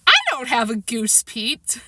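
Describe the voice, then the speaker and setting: A woman's voice: a little high, animated, unhurried, fairly bright tone, no echo. A woman voicing a playful, stubborn little boy who teases in a singsong way. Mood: cheeky. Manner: singsong, teasing.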